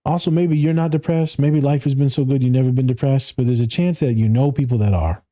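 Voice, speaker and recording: Speaking fast in a mid-range, dark-toned voice, a man in his thirties, a therapist, talks casually on a podcast. He's blunt and profane, laughing often and doing voices for the people he quotes.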